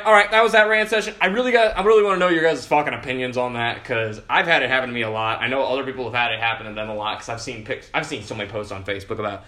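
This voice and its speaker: A young man hosting a casual show, ranting loudly and swearing constantly, with sudden jumps in pitch. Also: fairly even intonation, racing, hardly any pauses. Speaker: podcast host.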